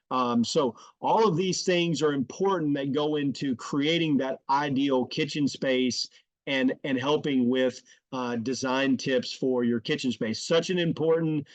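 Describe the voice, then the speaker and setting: A man presenting home design tips in a loose, friendly way, often restarting phrases and filling pauses with "uh". His voice sits at an ordinary pitch and is recorded close and dry, with no room echo. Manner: friendly, repeats phrases, many fillers. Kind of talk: casual instructional talk to camera.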